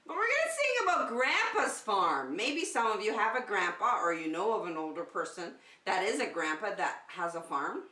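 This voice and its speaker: Brief: bright, lively female preschool teacher; slow, sing-song delivery; recorded at a distance in an echoey room. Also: mid-range voice. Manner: sing-song, animated, addressing children as friends. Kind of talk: children's circle time lesson.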